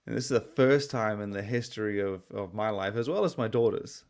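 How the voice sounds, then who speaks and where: A man's voice: fairly low pitch, a little fast, darkish tone. A young adult man co-hosting a podcast, telling a story in a rambling, profane way and sounding tired. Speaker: podcast co-host. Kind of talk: casual podcast chat.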